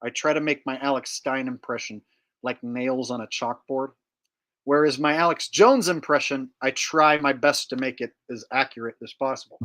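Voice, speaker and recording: A man's voice: medium pitch, normal speed, a bit bright. A man hosting a casual livestream, chatting and joking about his own impressions. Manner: joking, self-mocking, laughs often. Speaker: host.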